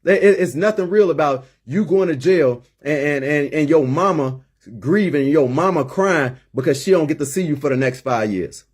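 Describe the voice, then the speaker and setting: A man's voice: a little high, normal speed, darkish tone. A middle-aged man hosting a call-in show, talking emphatically and repeating words as he gets worked up. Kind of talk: impassioned monologue.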